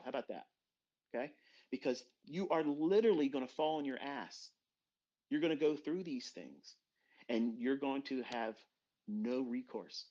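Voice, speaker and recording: A middle-aged man giving a blunt, profane motivational rant as a trading mentor, dropping to low murmurs and then bursting out loud. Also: normal speed, long pauses. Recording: dull lo-fi recording.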